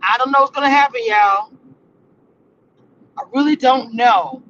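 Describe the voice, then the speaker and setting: A woman hosting a casual livestream about a reality show, talking in animated slang and laughing often. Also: sits high, unhurried. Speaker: entertainment reality-show review host. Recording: slightly muffled livestream audio.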